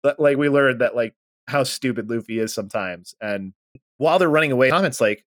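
A man co-hosting a podcast, casually recapping a manga and acting out the characters' lines with lively energy. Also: medium pitch, brisk, no echo, clean studio sound. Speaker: podcast co-host.

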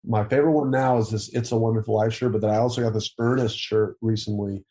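A man's voice: lowish voice, fairly even intonation, fast, mellow. A young man answering interview questions over a video call in casual chat, rambling, laughing often and swearing casually. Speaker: interview guest.

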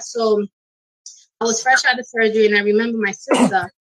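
A middle-aged woman, a guest on a talk show, telling a personal story in an emotional, animated way with acted quotes. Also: fairly high pitch, moderate pace, low-quality recording.

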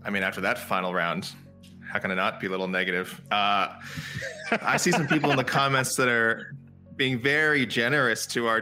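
A man's voice: fairly low pitch, pushed and bright. A man acting as guest judge on a podcast, chatting casually with joking asides and many hesitations. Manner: hesitant, joking, filler-heavy. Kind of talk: casual chat.

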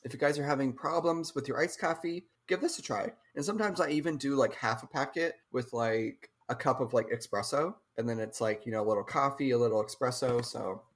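A woman's voice: very deep voice, brisk, hardly any pauses. A woman co-hosting a podcast in casual chat, chatty, laughing often and swearing when she rants. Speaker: podcast co-host. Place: lives in Massachusetts.

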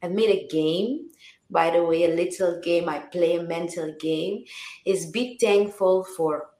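A woman's voice: lowish voice, a little slow, warm tone. Woman guest with a roomy echo. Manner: reflective, repeats words and restarts often. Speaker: singer-songwriter guest. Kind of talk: casual interview chat.

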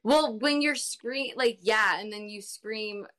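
A woman's voice: a little high, slow pace, pushed and bright. A young woman guesting on a podcast, talking hesitantly with lots of fillers and frequent laughs. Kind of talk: casual chat.

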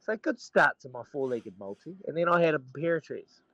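Joining remotely while on holiday, a former rugby player co-hosts a casual sports chat, telling animated stories and laughing a lot. His voice is a little high and fairly quick. The audio has no echo but sounds lo-fi.

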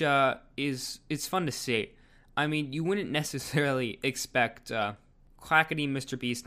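A man's voice: mid-range voice, sharp tone. A man giving casual video commentary, rambling with lots of fillers. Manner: rambling, filler-heavy delivery.

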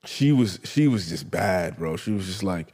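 A podcast guest with a deep, somewhat breathy voice tells stories at a moderate pace in a casual chat. He swears freely and animatedly acts out the people he quotes.

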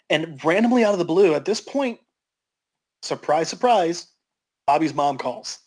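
A man on a podcast telling a story to friends, animated and building suspense. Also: fairly high pitch, unhurried, pauses often. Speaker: podcast co-host. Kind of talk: casual storytelling.

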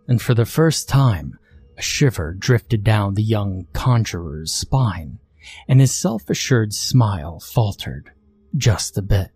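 A man narrating a scripted horror story in a steady, measured way. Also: fairly low pitch, slight background noise.

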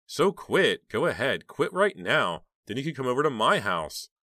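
A man voicing a blunt, joking teenage girl with a hoarse, squeaky voice. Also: very animated, normal speed, bright, forceful tone, no echo, studio quality. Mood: teasing. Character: short chunky teenage girl, blunt joker.

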